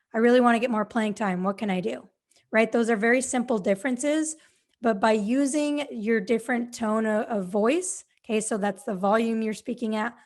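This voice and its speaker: A woman hosting a podcast as a confidence coach, giving direct, encouraging instructions and often checking in with the listener. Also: a little high.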